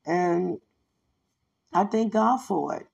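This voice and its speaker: A woman's voice: on the low side, slow pace, creaky, darkish tone, muffled recording. A woman podcast host giving a fervent, rambling devotional testimony with many fillers.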